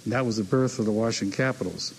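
A man's voice: fairly low pitch, fast talker, a little mellow, a little hiss or hum, poor audio. An older man telling anecdotes about buying sports teams, repeating key phrases and acting out the people he quotes. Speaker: team owner telling stories. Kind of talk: anecdotal speech.

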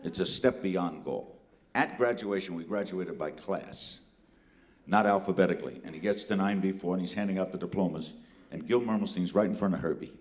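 With a deep voice and a fairly quick pace, an older man from New York City delivers a comic story to a live audience. The telling is lively and punchy, full of asides.

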